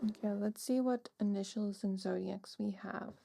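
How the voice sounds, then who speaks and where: Soft-spoken woman reading tarot cards. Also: mid-range voice, steady tone, normal speed, gravelly. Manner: soft, musing, many "like" and "um" fillers. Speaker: tarot reader. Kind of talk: casual pick-a-card tarot reading.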